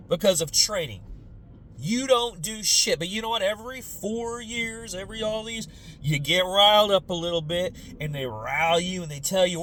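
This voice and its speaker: A man in his forties doing a profane, casual comedic rant about politics and generations. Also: on the high side. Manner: profane, animated, lots of quoted voices. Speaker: commentator.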